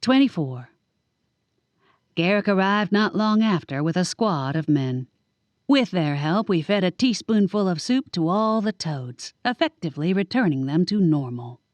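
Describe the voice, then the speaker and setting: A woman narrating a first-person audiobook with wry, lively storytelling. Her voice sits a bit low. The booth recording is close and dry, with no room sound. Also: unhurried, dry recording. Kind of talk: scripted narration.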